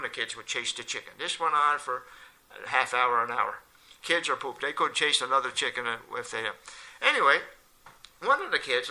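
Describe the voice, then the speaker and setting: An older man spins a casual anecdote with a very bright, forceful edge to his voice. He jumps into lively voices for the people he quotes, and his pitch sits at an ordinary middle level. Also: rough recording. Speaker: local storyteller.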